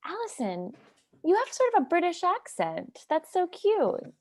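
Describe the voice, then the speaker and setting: A woman's voice: extremely high pitch, wildly swooping pitch, measured pace, a little mellow, full character voice. A woman improvising a young babysitter who talks with lots of fillers and hesitations. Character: young woman babysitter, nervous but eager. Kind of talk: improv comedy scene.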